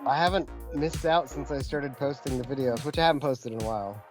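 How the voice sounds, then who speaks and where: A man co-hosting a podcast, telling animated stories in casual chat and laughing often. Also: medium pitch, brisk, over music. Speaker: podcast co-host. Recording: dull dry podcast audio.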